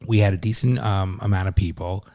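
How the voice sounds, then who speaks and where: A man's voice: deep voice, steady tone, a little fast, vocal fry, warm tone. A man co-hosting a podcast in casual chat, often chiming in with short repeated agreements. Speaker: podcast co-host.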